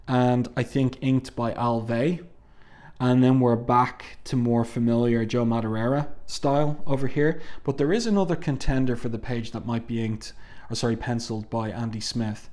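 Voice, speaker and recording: A man casually reviewing a comic book, reading its dialogue aloud with many fillers and restarts. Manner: reads dialogue aloud in a low, hushed tone, with fillers.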